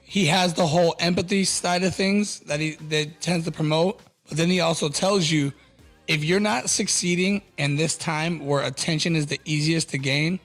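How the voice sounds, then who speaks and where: Higher-voiced man, relaxed podcast host. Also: normal speed, faint music behind. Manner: relaxed and conversational, with filler phrases. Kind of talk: casual podcast chat.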